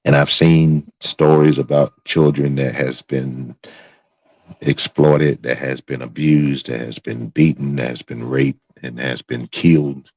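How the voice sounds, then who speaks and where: Very deep-voiced man, angry and profane. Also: a little mellow, no echo. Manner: angry, profane, repeats himself. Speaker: host. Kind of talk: live-stream commentary. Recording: dry, dull lo-fi sound.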